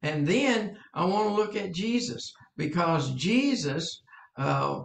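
An older man gives an earnest, halting sermon in a slightly high, gravelly voice. His words ring in a roomy, echoing space. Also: expressive. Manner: earnest, halting, with many fillers and repeats. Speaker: preacher. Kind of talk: teaching sermon.

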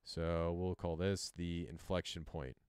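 Sketching a chart on a screen as he goes, this crypto livestream host talks in a low, level, darkish voice at a slightly slow pace. His casual explainer is loose and chatty with self-deprecating remarks, captured in clean, studio-quality audio without room sound.

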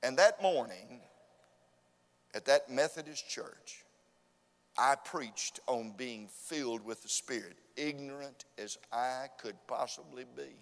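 A man preaching a revival sermon with fervent, repetitive emphasis that rises to loud urging. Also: medium pitch, takes it slowly. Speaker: visiting preacher. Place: church sanctuary. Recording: long church hall reverb.

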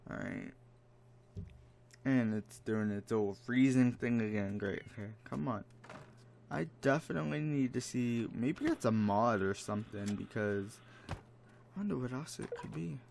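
A man's voice: medium pitch, creaky, slight background noise. A man giving casual commentary while playing a life-sim game, exasperated and dramatic, mock-scolding the characters. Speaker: let's play gamer. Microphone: desk microphone.

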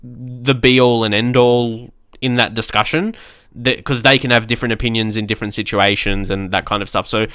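A young man, giving casual, excitable commentary on a football management game and often laughing at himself. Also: medium pitch, clear, resonant tone, no room sound, studio quality. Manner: excitable, quick to shout at match moments, laughs at himself. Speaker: gaming YouTuber.

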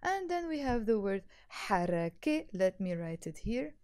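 A woman teaching a language lesson, patiently explaining and repeating words slowly for learners. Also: mid-range voice, big pitch swings, darkish tone, smooth. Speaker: Arabic teacher.

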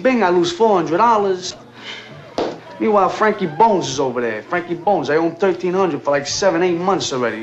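A reckless young hustler, played by an actor, tumbles through excuses in a rapid, slightly high voice, full of fillers and restarts. The sound is a dull, muffled 1970s film soundtrack with faint music underneath. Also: male voice, natural voice. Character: reckless young male street hustler, rambling, evasive. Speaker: film character.

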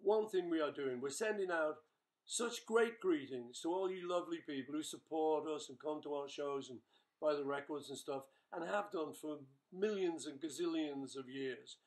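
An older man chats loosely and jokingly, filling his answers with "you know" and "uh". His speaking voice sits a little high for a man. He sounds relaxed and easygoing, like a musician talking with his band. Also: normal speed. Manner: chatty, jokey, rambling with fillers. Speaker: rock musician answering fan questions. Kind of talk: casual webchat with bandmates.

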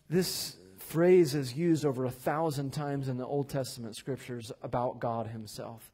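A man preaching a sermon as pastor in a church, animated, acting out quoted voices and rising to loud declarations. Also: medium pitch, measured pace, few pauses, slightly rough. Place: church sanctuary.

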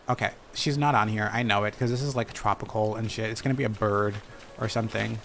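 A man's voice: on the low side, a little fast, creaky. A man giving playful, chatty commentary while streaming a game, talking back to the characters on screen. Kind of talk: casual gameplay commentary. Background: game music.

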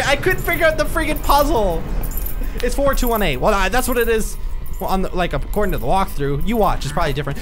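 High, jumpy young man gaming. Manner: jumpy, panicky yelps and rapid repeated protests. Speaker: let's play gamer. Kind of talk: horror game commentary. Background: game music.

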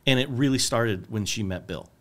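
A man's voice: mid-range voice, moderate pace. A middle-aged man as a filmmaker guest, talking casually and searching for words with many restarts. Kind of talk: casual conversation.

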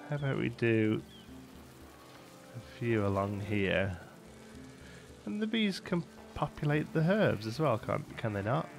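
A man's voice: fairly low pitch, gravelly. Chatty man narrating his gameplay. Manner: chatty, rambling, laughs often. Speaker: let's play host. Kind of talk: casual gameplay commentary.

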